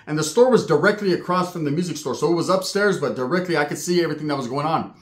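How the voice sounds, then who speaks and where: A man telling a true paranormal story in a casual, streetwise way, swearing freely and getting animated. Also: on the high side, quick pace, hardly any pauses. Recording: echoey room.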